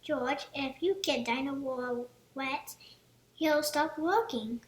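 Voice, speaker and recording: Sensible cartoon pig mum, soothing and high-pitched, read by a woman. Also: takes it slowly, reverberant.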